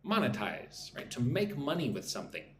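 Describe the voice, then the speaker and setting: A man's voice: medium pitch, big pitch swings, normal speed, roomy sound, a little hiss or hum. A man teaching English on a live stream, reading chat comments and drilling pronunciation.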